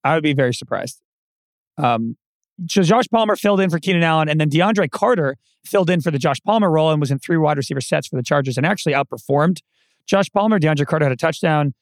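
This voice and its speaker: Confident playful man, slightly high voice. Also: animated, fast talker, no echo, clean studio sound. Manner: confident, playful, gives nicknames. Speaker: podcast co-host. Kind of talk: casual sports podcast chat.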